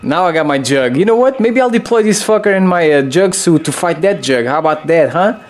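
A young man giving loose, excitable gameplay commentary, swearing freely and jumping into high yelps. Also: brisk.

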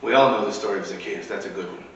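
A man's voice: on the low side, racing, lo-fi sound, slight background noise. A man preaching a sermon in a church, in a conversational way with casual asides. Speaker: priest. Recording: echoey church recording from far off.

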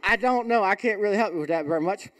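A man's voice: high voice, fast, a bit bright. A man hosting a live fundraiser event in a hall, joking around with playful country-boy banter as he calls out giving levels. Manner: joking, playful hillbilly shtick. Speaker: fundraiser auctioneer host. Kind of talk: folksy live fundraiser emcee.

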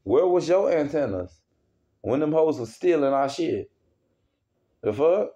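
A man's voice: on the high side, expressive, unhurried, warm tone. Angry man ranting, profane and heated. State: worked up. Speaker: wrestling fan reviewer. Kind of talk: casual rant. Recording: dull lo-fi recording.

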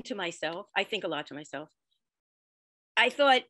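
A woman storyteller telling a personal story expressively, with dramatic swings in loudness. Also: medium pitch, expressive, moderate pace, pauses often, no room sound. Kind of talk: storytelling performance.

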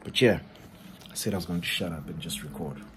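Deep-voiced South African man rambling. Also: brisk, noisy background. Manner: rambling, candid and self-deprecating. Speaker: independent hip hop artist. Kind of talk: casual vlog chat. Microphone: cell phone. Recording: music playing in the background.

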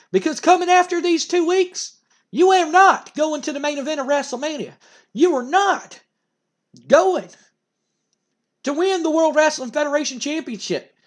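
A man's voice: extremely high pitch, voice pushed up. A man voicing an irate male wrestling manager who rants threats at a rival. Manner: ranting, threatening, loud.

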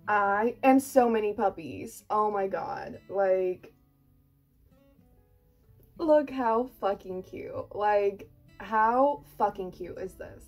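A young woman in her twenties vlogging an unboxing, gushing and excitable, full of "like" and casual swearing. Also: medium pitch, slow pace, soft background music. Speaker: book vlogger and author.

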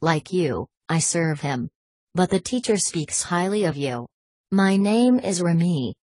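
A woman reading the lines of a calm, cunning male French manservant, speaking quietly and assuredly with a French accent. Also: lowish voice, unhurried, husky, dry recording.

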